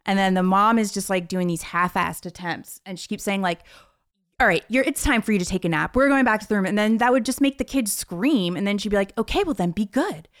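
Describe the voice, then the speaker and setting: A woman in her thirties in casual chat, telling a story with lively quoted voices. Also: mid-range voice, a little fast, dry recording, clean studio sound. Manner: animated storytelling, acting out quotes.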